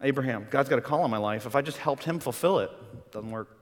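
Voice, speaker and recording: A man preaching a sermon as pastor, conversational and animated, acting out quoted voices. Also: medium pitch, fast, in a large hall.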